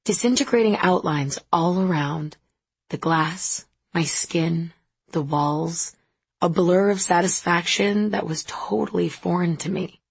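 A woman reads first-person literary narration at an unhurried, introspective pace. Her voice is husky and gravelly with steady mid pitch. The recording is close and dry. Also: no echo. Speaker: audiobook narrator.

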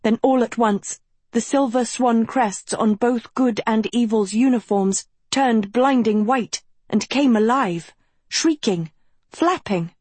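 A woman reads a dark fantasy tale slowly and deliberately, lingering over each phrase. Her voice has a soft husky grain, and the recording is close and dry with no room sound. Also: on the high side, dry recording. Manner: slow, measured dramatic storytelling. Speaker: audiobook narrator. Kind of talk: scripted narration.

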